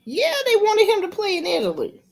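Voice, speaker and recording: A middle-aged woman hosting a livestream, telling a family story in casual chat, animated and profane, jumping into quoted voices. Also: extremely high pitch, fairly quick. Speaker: livestream host. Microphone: streaming setup mic.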